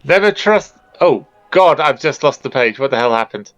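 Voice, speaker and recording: A man playing a tabletop game, chatty and quick to laugh. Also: medium pitch, expressive, a bit bright, soft background music. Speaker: player. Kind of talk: casual tabletop play.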